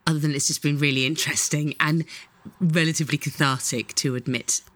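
A woman chatting casually as a podcast co-host, easygoing and quick to laugh. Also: sits low, steady tone, a bit bright. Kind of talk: casual chat.

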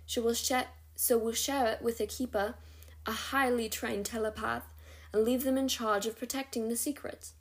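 A woman's voice: fairly high pitch, fairly even intonation, moderate pace, natural voice. A woman voicing a kindly elf leader man with a put-on accent that slips at times.

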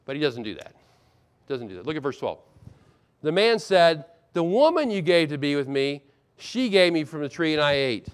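A middle-aged man preaches from the pulpit in a slightly raised register. He acts out the quoted lines and shifts between forceful emphasis and hushed asides. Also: fairly high pitch, moderate pace, smooth. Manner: expressive preaching, acts out quoted lines with sudden loud and soft turns. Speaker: pastor. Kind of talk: sermon.

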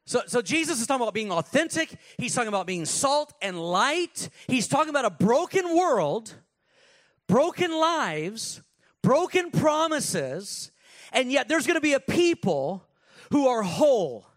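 High-voiced preaching man, lively. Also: measured pace. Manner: energetic preaching with asides and put-on voices. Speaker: pastor. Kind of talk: sermon.

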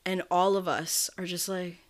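Speaking at a normal pace with little pitch movement, a woman with a lowish voice co-hosts a podcast over a video call. She rambles casually, swears, and laughs often, heard through a remote call mic.

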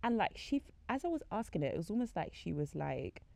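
A woman's voice: fairly low pitch, sing-song, quick pace, vocal fry, darkish tone, no room sound. A young woman giving a casual faith-based talk, chatty with many "like" fillers, acting out conversations she recounts. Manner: chatty, frequent "like" fillers, acts out quoted conversations. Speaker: faith podcast speaker.

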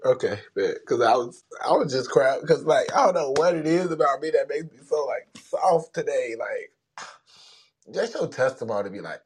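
A man hosting a podcast, talking casually in slang, emotional, dropping quiet then rising loud. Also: a little high, expressive, measured pace, breathy edge. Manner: emotional, slangy, swings between hushed and loud. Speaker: podcast host. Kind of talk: casual morning check-in chat.

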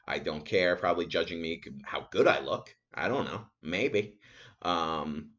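Young man, podcast host, very low voice, lively swinging pitch, rambling profane stories, slightly dull recording. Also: measured pace. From New York area resident. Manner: rambling, profane, animated storytelling with acted-out quotes. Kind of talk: casual solo podcast monologue.

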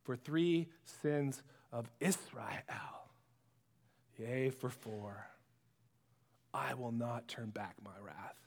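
A man voicing a grim male prophet who pronounces judgment slowly and solemnly, dropping low and near a whisper. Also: slight background noise. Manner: slow, low and solemn, sinking to a hush.

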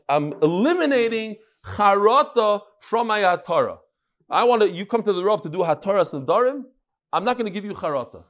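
A male teacher working through a text with his class, his voice sitting a little high for a man. He drives his points home with rhetorical questions and repeated phrases, talking as much as reading. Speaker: religious studies teacher. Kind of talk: classroom text-study lecture.

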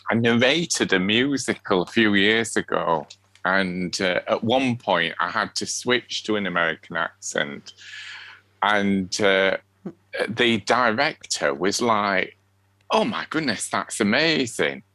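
A man's voice: fairly low pitch, slow pace, pushed and bright, no echo. A man with a Sheffield accent co-hosting a podcast, chatting casually and giggling as he rambles. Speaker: podcast co-host. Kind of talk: casual chat.

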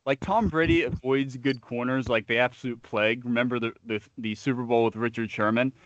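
A man's voice: medium pitch, fairly even intonation, brisk, fairly bright tone, dry recording, dull audio. A man co-hosting a sports podcast, riffing with trash talk and long comic analogies. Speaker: podcast co-host.

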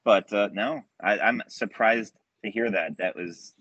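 A man's voice: fairly low pitch, unhurried, a bit bright, dry recording, muffled recording. A man from Delaware, a guest on a podcast, telling stories in an easygoing way with light laughs. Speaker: guest, cigar company representative. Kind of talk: casual interview chat.

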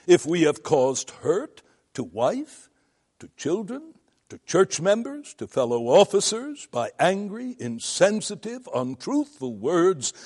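An older male pastor lectures like a preacher, earnest and emphatic. He takes his time, pausing between phrases, and his voice sits a little higher than most men's. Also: a little mellow. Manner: earnest, emphatic preaching with long deliberate pauses. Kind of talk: seminary lecture in sermon style.

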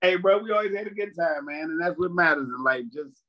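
A man's voice: fairly high pitch, lively intonation, fairly quick. Laid-back male comedian, dull lo-fi sound. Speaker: stand-up comedian. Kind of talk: casual chat between comedians.

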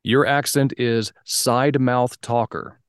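A man's voice: medium pitch, steady tone, takes it slowly, clean tone, dry recording, clean studio sound. A man hosting a casual podcast interview, chatty and easygoing, laughing often as he explains things. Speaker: podcast host.

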